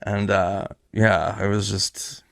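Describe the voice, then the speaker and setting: Swearing comic telling a story. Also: male voice, fairly low pitch, flat delivery, slow pace, vocal fry, no echo. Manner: loose, swears freely, acts out both sides of a dialogue. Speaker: stand-up comic. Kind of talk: casual storytelling.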